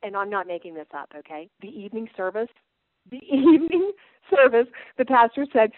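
A middle-aged woman preaches to a gathering of sisters, hammering out question after question and then sinking to a hushed, intense hush. Her voice comes through narrow and tinny like a phone line, and completely dry. She slips easily into homespun stories from her own home. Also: fairly high pitch, lively intonation, fairly quick, no echo. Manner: emphatic, piles up rhetorical questions, drops to soft intensity; folksy personal storytelling. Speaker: women's Bible teacher. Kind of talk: preaching sermon.

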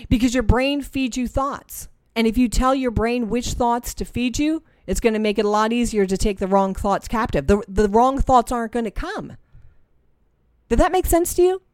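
A middle-aged woman teaching a faith-based group, animated and repeating herself as she acts out inner voices. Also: fairly high pitch, normal speed, hardly any pauses, no echo, clean studio sound. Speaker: Christian life coach. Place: room with a live audience.

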